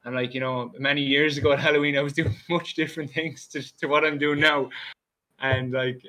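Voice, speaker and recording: Bright-voiced laid-back Irish man. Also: medium pitch, little pitch movement, a little fast. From Ireland. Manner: laid-back, lots of "dude" and "bro" fillers. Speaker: podcast guest. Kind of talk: casual chat.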